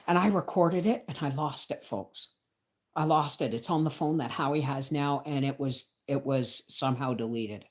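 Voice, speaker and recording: A woman's voice: a bass voice, normal speed. A middle-aged woman telling a story as host of a homesteading channel, indignant and emphatic, often adding "right?" and "folks". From Canada. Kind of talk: storytelling livestream chat.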